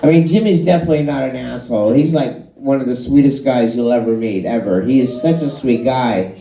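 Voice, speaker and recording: A man's voice: medium pitch, a little fast, dark tone, a little hiss or hum. A middle-aged man doing stand-up comedy in a bar and grill, telling rambling, self-deprecating, profane anecdotes. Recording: echoey live room.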